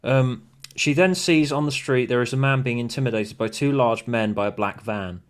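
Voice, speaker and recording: A laid-back man co-hosting a livestream types a script and reads out its stage directions, with keys clicking behind him as he casually chats. His voice is mid-range and his pace moderate.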